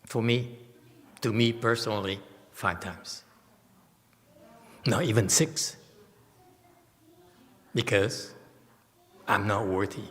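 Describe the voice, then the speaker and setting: A man's voice: on the low side, steady tone, slow pace, pauses often, a bit bright. A man giving a Dharma talk to a meditation class in a temple hall, blunt, emphatic and self-mocking. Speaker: meditation teacher. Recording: long hall reverb.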